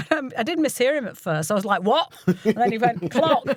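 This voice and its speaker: A woman's voice: fairly high pitch, big pitch swings, fast talker, darkish tone, no room sound, studio quality. An older woman from the UK, a voiceover artist and coach, telling stories casually in an interview. She acts out the people she quotes and laughs often.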